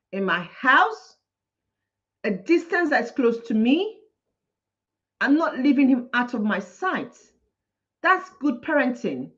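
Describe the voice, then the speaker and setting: Impassioned high-voiced woman ranting. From Nigeria. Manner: ranting, indignant, repeating points for emphasis. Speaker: teacher and vlogger. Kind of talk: impassioned commentary. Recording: dull lo-fi recording.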